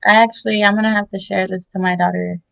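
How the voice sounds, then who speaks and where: A woman in her thirties giving tearful, heartfelt shout-outs in an interview, halting with many fillers. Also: mid-range voice, little pitch movement, creaky, no room sound, poor audio. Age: 30s. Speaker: interview guest.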